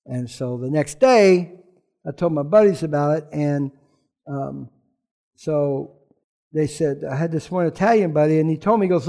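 Gravelly high-voiced man preaching a sermon. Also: moderate pace, dark tone. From rural background. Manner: conversational storytelling with humor. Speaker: pastor.

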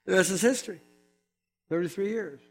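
An older man preaching, telling a humorous personal testimony with animated storytelling and quick asides. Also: high voice, soft background music.

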